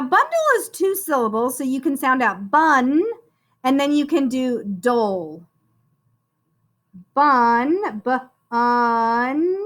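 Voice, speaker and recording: Teaching phonics spelling to young kids, a woman uses a high, slightly bright voice in a slow, sing-song way. She is encouraging throughout and calls each child "friend."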